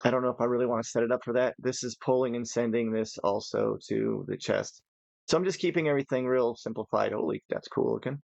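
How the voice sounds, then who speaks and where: A man's voice: medium pitch, fast talker, gravelly, darkish tone, no room sound, dull audio. A tired man giving casual, rambling commentary while playing a modded building game, thinking aloud as he goes. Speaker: gaming channel host.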